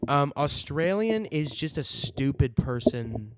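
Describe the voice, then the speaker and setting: A man's voice: on the high side, sing-song, slow, noisy background. A man in his twenties co-hosting a podcast in casual, rambling chat, swearing and trailing off. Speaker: podcast co-host.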